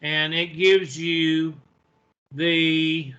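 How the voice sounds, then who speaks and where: A man teaching a math class, with a bright, somewhat high voice and an unhurried pace. He gets flustered and mutters to himself as he hunts for something. The recording is dull and lo-fi. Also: level tone. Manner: flustered, talking to himself while searching. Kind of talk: online class lecture.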